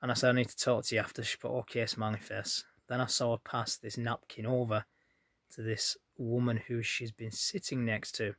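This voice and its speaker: A chatty man tells a rambling story of his own to his viewers. His voice sits at an ordinary middle pitch, and the room sounds dry and close. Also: little pitch movement, moderate pace, fairly bright tone, no echo. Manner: chatty, rambling, plain-spoken. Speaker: vlogger. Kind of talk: casual storytelling to camera.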